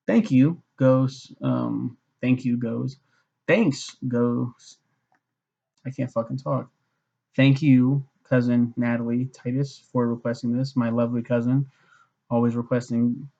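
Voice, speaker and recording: A man with a gravelly, husky voice rambles through a casual book review, full of fillers and swearing. His tone is dark and mellow. The sound is dull and lo-fi. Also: medium pitch, fairly even intonation, unhurried. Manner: swears a lot, many fillers, mocks posh voices.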